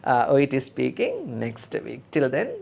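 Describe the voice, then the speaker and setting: A woman's voice: rumbling low, wildly swooping pitch, moderate pace, gravelly, a little mellow, a little hiss or hum. A woman with a Kerala Indian English accent teaching an OET speaking lesson live, rehearsing nurse role-play lines again and again and encouraging her dear students.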